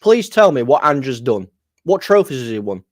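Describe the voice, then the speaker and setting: A man's voice: mid-range voice, sing-song, normal speed, no room sound. Blunt argumentative man on a dry mic. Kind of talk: casual watchalong banter.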